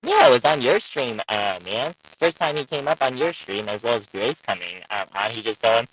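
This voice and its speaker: A man's voice: medium pitch, animated, moderate pace, hardly any pauses, fairly bright tone, breathy edge, no room sound, rough recording. A man calling in to a live stream, rambling with lots of uhs and restarts. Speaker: caller on the stream. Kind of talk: casual chat.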